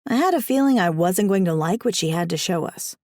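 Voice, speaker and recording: A woman's voice: lowish voice, a little fast, no echo. Wry woman narrating an audiobook, dry sound. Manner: wry, expressive first-person telling. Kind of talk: first-person audiobook narration.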